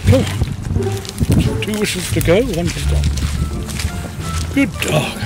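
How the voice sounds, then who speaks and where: A man trains a young gundog outdoors, mixing short commands with enthusiastic, sing-song praise. His voice sits high and leaps around in pitch. Loud music plays over the outdoor recording. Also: wildly swooping pitch, takes it slowly, gravelly, long pauses. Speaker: dog trainer. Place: outdoors in the countryside. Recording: outdoor field audio under loud music.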